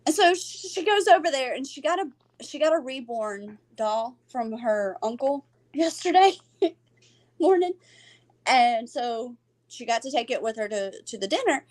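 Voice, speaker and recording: Animated high-voiced woman storyteller. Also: unhurried. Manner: animated, acts out quoted voices, laughs often. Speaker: podcast co-host. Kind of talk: casual storytelling chat.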